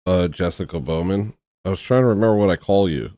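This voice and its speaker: Dry, low-voiced rambling radio host man. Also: fast talker, warm tone, no echo. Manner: joking and rambling, laughs at his own stories. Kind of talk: casual late-night radio chat.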